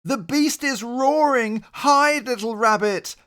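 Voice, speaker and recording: A man voicing a frantic, protective father rabbit in a storybook read-aloud, with shrill, panicky warnings. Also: expressive, slow pace, a bit bright, full character voice. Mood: panicked.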